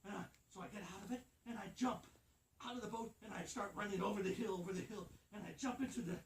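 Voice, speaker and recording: A man playing Father Christmas tells a joke story on a TV set, with dramatic swings from loud pleading cries to hushed whispers. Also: high-pitched, fast, far from the mic. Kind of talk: live TV storytelling of a joke tale. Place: community TV studio set. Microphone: camera off set. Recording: echoey studio, camera off to the side, background noise.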